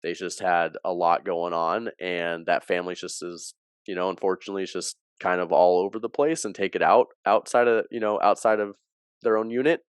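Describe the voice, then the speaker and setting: A man's voice: deep voice, brisk, smooth, no echo, clean studio sound. A man, an athletic director, telling a story in an interview and animatedly acting out what people said. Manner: animated storyteller who acts out quoted dialogue.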